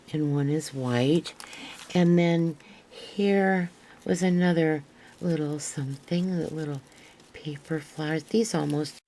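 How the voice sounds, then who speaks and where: An older woman with a gravelly voice, a craft vlogger chatting to camera as she unpacks a parcel, gushing and rambling with restarts, sometimes dropping to a near-whisper. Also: deep voice, warm tone, slight background noise, poor audio. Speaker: craft vlogger showing a haul. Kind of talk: casual show-and-tell to camera.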